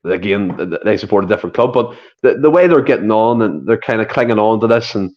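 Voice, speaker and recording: A man's voice: on the low side, animated, quick pace, muffled recording. A Scottish man co-hosting a football podcast, talking earnestly and building on his co-host's points. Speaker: podcast co-host. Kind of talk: casual football chat.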